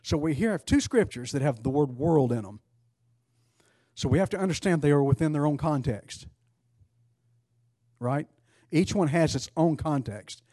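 A man leading a Bible study class, talking casually and putting questions to the group. His voice is mellow and warm at a middle pitch. The recording is dry, with little room sound. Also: lively intonation, normal speed, long pauses, no room sound. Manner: conversational, quizzes the class, frequent restarts. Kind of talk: interactive Bible class teaching.

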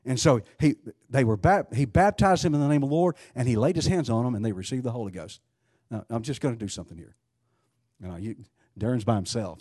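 A man's voice: mid-range voice, expressive, quick pace, darkish tone, breathy edge, no echo, studio quality. A man preaching a sermon, emphatic, asking rhetorical questions and often restarting his sentences.

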